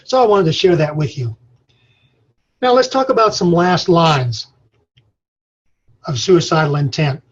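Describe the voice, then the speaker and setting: A folksy older man from Colorado tells stories in a webinar lesson, his voice pitched a bit high with a husky edge. The sound is dull and lo-fi, as from a webinar feed. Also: measured pace, long pauses. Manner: folksy, storytelling, says y'all. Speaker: extension speaker on farm mental health. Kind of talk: webinar presentation. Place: his office.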